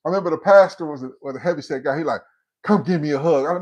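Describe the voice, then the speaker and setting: Animated man telling a spooky story. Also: fairly high pitch, very fast. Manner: animated storyteller who acts out quotes. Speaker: livestream host. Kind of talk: casual storytelling on a livestream.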